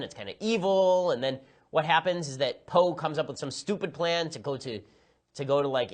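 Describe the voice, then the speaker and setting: Sarcastic man ranting fast. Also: on the high side. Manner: sarcastic, exasperated, quick-firing rants. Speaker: political commentator. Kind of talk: rapid opinionated film review.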